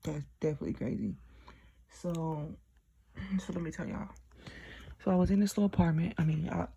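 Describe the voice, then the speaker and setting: A young woman talks through a personal story in a loose, chatty way, full of fillers and direct asides to her listeners. Her voice sits low, with a gravelly fry and a husky edge. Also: normal speed, mellow, muffled recording. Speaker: diary vlogger.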